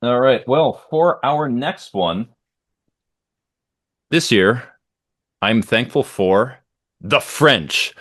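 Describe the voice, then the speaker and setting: A man's voice: mid-range voice, expressive, very slow, long pauses, a bit bright, dry recording, studio quality. A man co-hosting a casual podcast chat, enthusiastic and rambling with plenty of ums and uhs. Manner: enthusiastic, rambling with many fillers. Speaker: podcast co-host.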